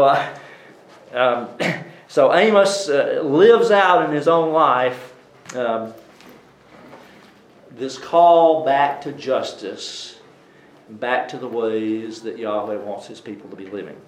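A man with a Southern US accent giving an informal Bible lesson, chatty, with many fillers and some throat clearing. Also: medium pitch, takes it slowly, roomy sound, low-quality recording. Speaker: Bible teacher.

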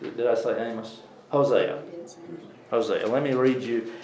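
A man with a Southern US accent giving an informal Bible lesson, chatty, with many fillers and some throat clearing. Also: mid-range voice, fairly even intonation, measured pace, a little mellow, echoey room, a little hiss or hum, poor audio. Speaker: Bible teacher.

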